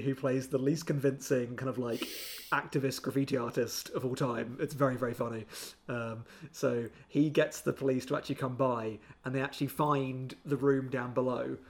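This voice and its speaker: A chatty man co-hosting a film podcast, talking in an animated, mocking way and slipping into exaggerated impressions now and then. His voice sits at a middling pitch. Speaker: podcast co-host. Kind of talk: casual film review chat.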